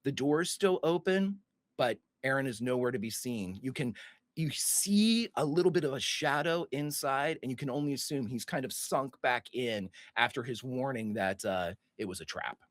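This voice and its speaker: Give me a man as game master, narrating loosely with fillers, mid pitch, dry recording. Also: animated, moderate pace, no room sound. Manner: loose, rambling, full of fillers and restarts.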